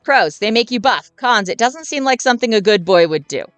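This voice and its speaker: A woman's voice: on the high side, expressive, a little fast, fairly bright tone, no echo, faint music behind. Woman reading as an earnest dim jock boy. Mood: goofy. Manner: bro-ish, earnest, rambling.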